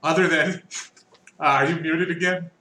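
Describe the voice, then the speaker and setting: Brief: fast, rambling male game master with a bright, slightly high voice. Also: fairly even intonation. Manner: quick, rambling, lots of fillers. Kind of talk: running a tabletop game over voice chat. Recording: echoey room, faint background noise.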